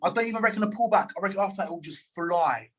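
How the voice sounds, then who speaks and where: A man casually chatting about trading with a friend, stumbling over words and restarting often. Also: sits high. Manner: halting, many restarts, says "bro". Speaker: trader. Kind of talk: casual chat.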